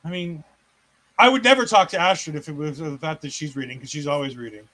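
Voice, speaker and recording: A man's voice: fairly high pitch, quick pace, pushed and bright, rough recording. A man co-hosting a casual wrestling recap, retelling scenes with sarcastic asides and acted-out quotes. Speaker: co-host.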